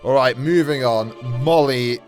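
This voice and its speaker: A man's voice: medium pitch, a little slow, darkish tone, faint music behind. A man hosting a casual comedy impressions video who comments on his own attempts in a chatty, self-mocking way.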